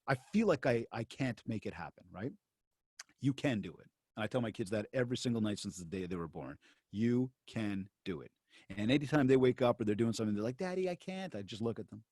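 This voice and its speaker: A man's voice: fairly low pitch, a little fast, breathy edge, no room sound, clean studio sound. A man giving a seminar talk to real estate agents. He tells a story in a chatty way, with many fillers and restarts, and he speaks straight to the audience. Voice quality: animated storyteller who acts out both sides of conversations. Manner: addresses the audience directly.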